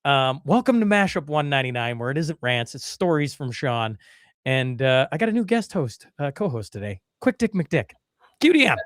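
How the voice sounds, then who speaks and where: A man's voice: medium pitch, very animated, normal speed, no echo, studio quality. A man hosting a podcast, telling a story in a casual, rambling way full of fillers and restarts. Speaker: podcast host.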